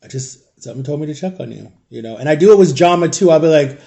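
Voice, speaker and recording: A man's voice: on the high side, expressive, fast, gravelly, dark tone. A young adult man vlogging, telling a rambling personal story in a casual way, full of "like" and "guys". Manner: chatty, rambling, frequent "like" and "guys".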